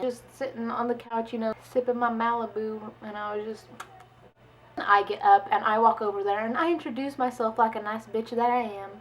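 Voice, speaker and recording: A young woman vlogger telling a story in casual chat, chatty and animated, with many "like"s and quoted dialogue. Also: fairly high pitch, slight background noise, poor audio.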